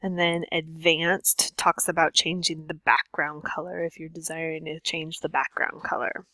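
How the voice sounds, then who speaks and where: A woman teacher with a bright, forceful voice and a slightly low pitch talks students through a computer tutorial. She goes step by step, patiently, with frequent ums. The recording is close and dry. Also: flat delivery, moderate pace, dry recording, low-quality recording. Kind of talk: screen-share tutorial lesson.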